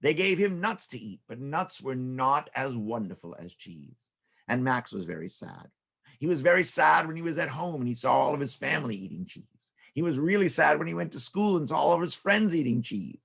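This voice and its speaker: A man telling silly stories to children, very expressive, with repetition and sound effects. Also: mid-range voice, fairly quick, creaky, husky. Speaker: children's storyteller. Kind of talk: animated storytelling for children.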